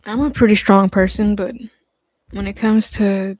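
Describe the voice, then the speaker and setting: A man talks on a livestream in a loose, rambling way, stopping and restarting his sentences and dropping in casual swear words. His voice is warm and mellow, often sinking to a near-mumble at the ends of thoughts, recorded dry and close. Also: sits high, steady tone, normal speed, dry recording. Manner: rambling and hesitant, many fillers and restarts.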